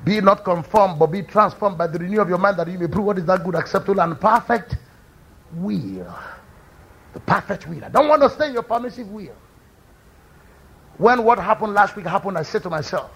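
A man preaching a fervent sermon, swinging from quiet speech to loud cries. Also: expressive, brisk. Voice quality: high, gravelly and husky, with shouted peaks. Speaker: pastor.

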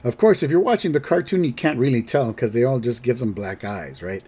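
A podcast host chatting his way through a cartoon episode recap. He rambles and corrects himself as he goes, in an ordinary mid-pitched male voice. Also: lively intonation, brisk, mellow, husky.

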